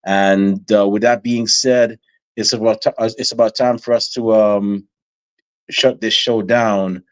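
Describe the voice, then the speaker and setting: A man hosting a chat show, closing it in a measured, folksy, relaxed way. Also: fairly low pitch, smooth. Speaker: podcast host. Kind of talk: show sign-off. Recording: dull lo-fi audio.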